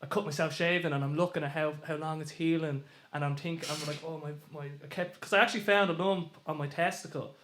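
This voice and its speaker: Higher-voiced man hosting a podcast. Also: fairly even intonation, fast, few pauses, a bit bright, roomy sound, a little hiss or hum. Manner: sympathetic, candid and conversational. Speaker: podcast host. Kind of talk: casual interview chat.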